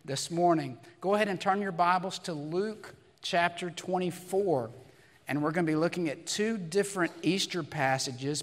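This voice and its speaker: Hoarse, raspy pastor preaching. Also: male voice, on the high side, fairly bright tone, in a large hall. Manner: conversational preaching with rhetorical questions. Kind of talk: sermon. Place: church sanctuary.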